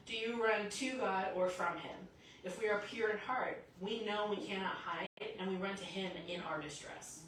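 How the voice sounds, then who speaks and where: A woman preaches to her congregation and acts out the people in her stories as she goes. Her voice rings through a very echoey church and is picked up from a distance, with light noise behind her. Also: mid-range voice. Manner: lively storytelling, acts out quotes. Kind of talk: sermon. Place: church sanctuary.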